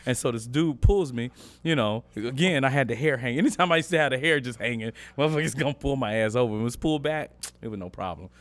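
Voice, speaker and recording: A man's voice: mid-range voice, fast, few pauses. A man co-hosting a podcast, telling a story in casual chat, acting out the people in it and laughing often. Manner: animated, acts out voices in his stories, laughs often. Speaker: podcast co-host.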